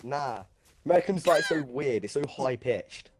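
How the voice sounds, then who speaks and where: A man's voice: mid-range voice, lively intonation, normal speed, background noise. A man with a British accent chatting casually while playing a game with friends, with dry, teasing banter. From Britain. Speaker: gaming teammate. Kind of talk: casual gaming chat.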